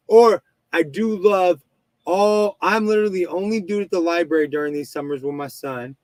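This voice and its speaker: Podcast host, male, thirties: loose, profane storyteller, slightly high voice, dry close mic. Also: no room sound, rough recording. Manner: rambling, swearing storyteller with many restarts. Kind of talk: casual chat.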